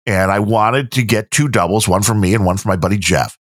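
A Midwestern American man co-hosts a podcast, trading casual stories in a fairly low voice at a fairly quick clip. The recording is dry and studio quality. He's an animated storyteller who laughs often and imitates other people.

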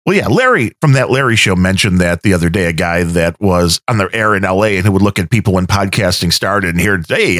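A man co-hosting a podcast, telling stories in a measured casual chat. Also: lowish voice, a bit bright, dry recording, studio quality. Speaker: podcast co-host.

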